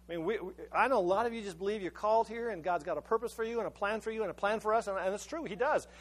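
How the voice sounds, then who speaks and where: High-voiced preaching man, halting restarts. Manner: stammers and restarts words often, storytelling. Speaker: pastor. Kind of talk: conversational sermon.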